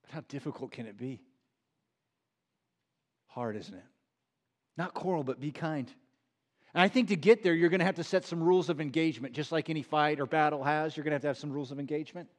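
A middle-aged male pastor delivers a sermon in a slightly high voice. He preaches earnestly and emphatically, relying on repetition, and slows down a great deal to draw out the key phrases he wants to land.

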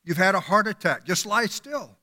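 A preacher playing a firm doctor. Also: male voice, high voice, expressive, normal speed, bright, forceful tone, voice pushed up, full character voice. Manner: firm, insistent. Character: calm, firm male doctor. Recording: long hall reverb.

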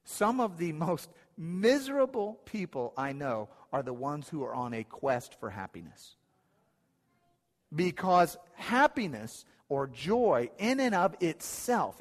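A man preaching a sermon in an earnest, emphatic way, often repeating his key phrases. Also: on the high side. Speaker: pastor. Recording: long hall reverb.

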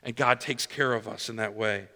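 Bright-voiced preacher in a reverberant church. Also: male voice, on the low side, fairly even intonation, moderate pace. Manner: conversational preaching with repeated restarts and "right?" tag questions. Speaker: pastor. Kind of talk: sermon. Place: church sanctuary.

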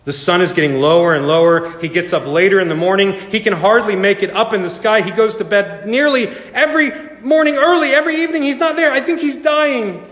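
A man voicing a young female lily flower, anxious and hopeful, pleading in a high, light voice in a sermon story. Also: takes it slowly, long pauses, fairly bright tone. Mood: worried. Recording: echoey hall reverb.

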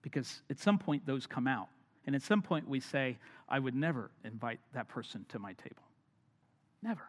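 A man preaching a sermon, swinging from loud emphatic lines down to hushed near-whispers. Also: mid-range voice. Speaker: pastor. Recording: long hall reverb.

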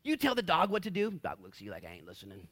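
A man preaching a casual, jokey sermon in a church. He swings from loud, excited bursts to hushed whispers. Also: high-pitched, fast talker. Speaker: pastor. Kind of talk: expository sermon. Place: church sanctuary.

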